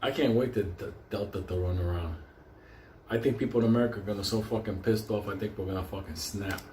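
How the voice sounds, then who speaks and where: A man's voice: on the low side, fast, warm tone, a little hiss or hum. Man ranting, swearing, in an echoey room. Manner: profanity-laden, rambling, drifting off and restarting. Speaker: vlogger. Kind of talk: profane rambling rant. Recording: roomy echo, faint ambience.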